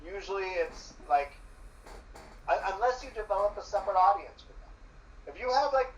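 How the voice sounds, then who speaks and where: A man's voice: high-pitched, expressive, a little fast, a little hiss or hum. A man who is a journalist talking casually as a guest, explaining at length with many fillers. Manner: loose, filler-heavy explaining. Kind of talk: casual conversation. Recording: roomy, distant, muffled mic.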